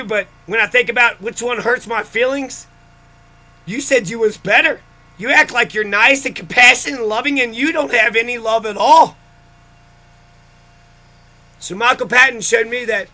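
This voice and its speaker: A man's voice: very high-pitched, bright, forceful tone. A man in a bitter, profane personal rant about his childhood, speaking straight to the camera. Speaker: vlogger.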